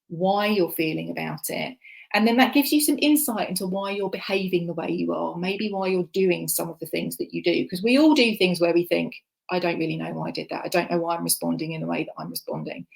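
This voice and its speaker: A woman's voice: lowish voice, creaky. A woman giving a conference presentation, chatty and self-deprecating, with frequent ums. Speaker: conference speaker. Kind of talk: presentation talk. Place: online conference session.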